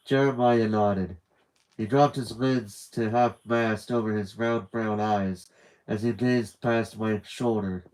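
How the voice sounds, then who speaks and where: A man's voice: lowish voice, steady tone, slow, a little mellow, poor audio. A man reading a novel aloud on a live stream, casually breaking off for rambling side comments. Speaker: novel reader.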